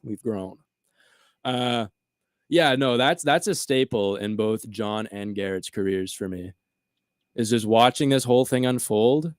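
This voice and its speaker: A man's voice: on the low side, unhurried, dry recording, clean studio sound. A man co-hosting a casual chat, telling a long story and acting out his friends' lines. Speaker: podcast co-host.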